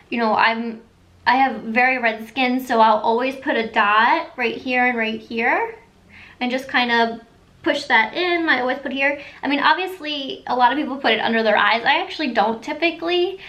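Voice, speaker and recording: Woman, 30s, high pitch, casual beauty tutorial at home, upbeat and chatty. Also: a bit bright. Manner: chatty and enthusiastic, quick asides. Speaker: beauty vlogger.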